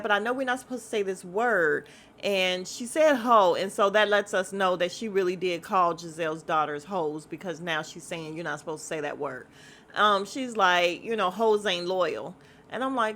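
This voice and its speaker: A woman's voice: medium pitch, moderate pace, a bit bright. A woman hosting a casual podcast, recapping a reality show in a sassy, blunt manner and swearing freely. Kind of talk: casual chat.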